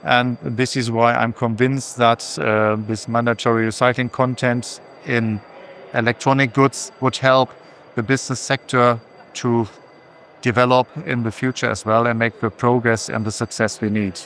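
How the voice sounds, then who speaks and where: A man speaking as a recycling company executive in a trade fair interview, measured and pausing often with fillers. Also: mid-range voice, level tone, a bit bright, a little hiss or hum. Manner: measured, many filler pauses.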